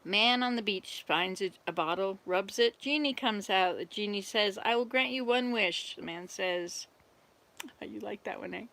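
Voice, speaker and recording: A woman's voice: medium pitch, unhurried, creaky, a bit bright. An older woman, a volunteer missionary, chatting on a livestream from an RV, telling jokes and talking to her viewers. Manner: chatty, rambling, tells jokes and talks to viewers. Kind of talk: casual livestream chat. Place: RV at a summer camp.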